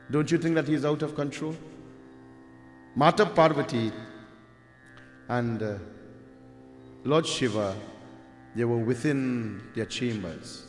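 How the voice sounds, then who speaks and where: A man's voice: medium pitch, slow pace, long pauses. Man telling a devotional story in an echoey hall. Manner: addresses listeners directly, conversational asides. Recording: echoey hall with faint music.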